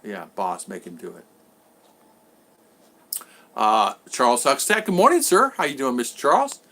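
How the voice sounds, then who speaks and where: A man's voice: mid-range voice, wildly swooping pitch, moderate pace, bright, forceful tone. A man hosting a casual live stream from his home in the Philippines, rambling and repeating himself while greeting viewers by name.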